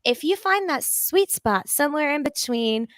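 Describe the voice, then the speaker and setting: Woman guest, fairly high voice, animated, enthusiastic, long flowing talk, dry close sound. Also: normal speed, no room sound. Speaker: podcast guest. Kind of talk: casual interview talk.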